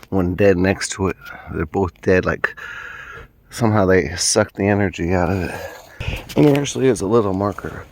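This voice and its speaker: Guy with a lowish voice rambling on a woods walk, camera in hand, faint outdoor noise. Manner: rambling, musing. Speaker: vlogger. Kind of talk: casual outdoor vlog.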